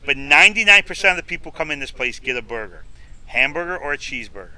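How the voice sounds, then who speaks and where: Bright, forceful middle-aged man telling stories. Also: fairly high pitch, fast. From New York, US. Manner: animated storyteller who acts out quoted dialogue. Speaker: food reviewer guest. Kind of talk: casual interview storytelling.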